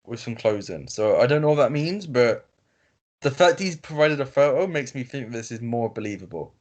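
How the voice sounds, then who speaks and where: A man co-hosting a podcast over a video call reads a story aloud during casual chat, his medium-pitched voice expressive and darkish in tone. He reads haltingly, full of fillers, restarts, and self-corrections, and the call audio is lo-fi.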